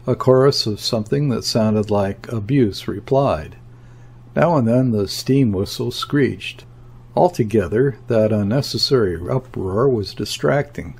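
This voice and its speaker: A man narrating a classic novel as an audiobook, reading in a measured, deliberate way. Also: on the low side, vocal fry, a little mellow, husky. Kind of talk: scripted narration.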